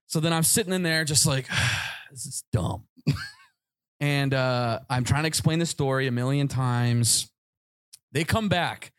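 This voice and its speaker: A man's voice: mid-range voice, measured pace, smooth, no echo. A man hosting a podcast, telling a comic story to a live audience and acting out the voices in it. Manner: animated, acts out voices in his anecdotes. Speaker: podcast host.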